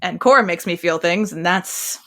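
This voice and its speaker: A woman co-hosting a podcast in casual chat, rambling and animated, restarting sentences as she goes. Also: lowish voice, moderate pace. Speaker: podcast co-host.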